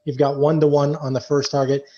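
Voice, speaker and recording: Canadian guy rambling thru a trade setup, kinda high but mellow voice, muffled lo-fi audio. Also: a little fast. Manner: relaxed, loose explanations with many fillers. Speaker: trading coach guest. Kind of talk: casual trading chat. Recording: dull lo-fi audio.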